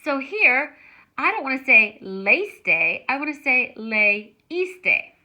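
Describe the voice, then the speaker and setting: A woman teaching a Spanish grammar lesson, explaining slowly and stretching words out to show how they sound. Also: high voice, animated, sharp tone.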